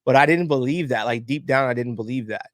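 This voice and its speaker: Man, thirties, candid emotional storytelling, mid pitch, dry close sound. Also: a little fast, no echo. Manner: candid, animated storyteller, acts out quoted voices. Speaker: podcast guest.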